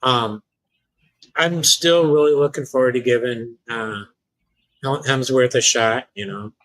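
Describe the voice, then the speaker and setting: A man's voice: medium pitch, unhurried, fairly bright tone, dry recording, low-quality recording. A man co-hosting a live stream, talking casually with frequent restarts and hesitations. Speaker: podcast co-host.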